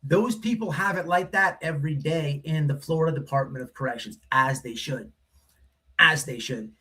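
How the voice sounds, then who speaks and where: A livestream host with a bright, forceful, fairly high voice tells a story at normal speed. His casual monologue is blunt and rambling, loaded with profanity, repetitive, and sprinkled with "right?".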